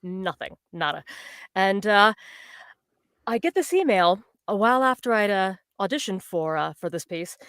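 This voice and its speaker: A woman's voice: mid-range voice, expressive, normal speed, a bit bright, smooth, no room sound, clean studio sound. A woman voice actor telling a story in a casual video-call interview, bubbly and giggly.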